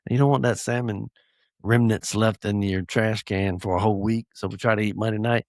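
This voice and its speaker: A man's voice: medium pitch, dry recording, studio quality. Joking man, podcast host. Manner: chatty, joking, rambling with asides. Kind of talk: casual solo podcast monologue.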